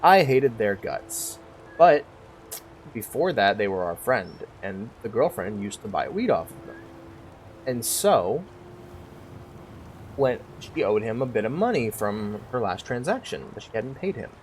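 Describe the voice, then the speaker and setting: A man with a lowish voice rambles through a loose, candid monologue while he streams a game, cursing casually. He sounds stoned and unhurried in his thinking, talking close to a desk mic with a faint hiss in the background. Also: very animated. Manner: candid, meandering, swears freely.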